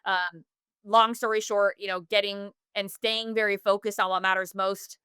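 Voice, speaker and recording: Woman guest on a podcast, bright voice, smooth and crisp, earnest, lots of "um"s, dry close mic. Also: medium pitch, little pitch movement, moderate pace, no room sound. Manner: earnest, with many fillers and self-corrections. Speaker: podcast guest, business founder. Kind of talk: candid personal storytelling.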